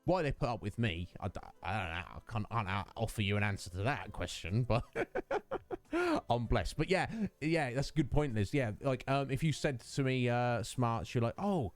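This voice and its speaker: Brief: British streamer, thirties, chatty and animated, bouncing pitch, dry sound with faint music. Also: male voice, normal speed. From United Kingdom. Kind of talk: casual chat with stream viewers.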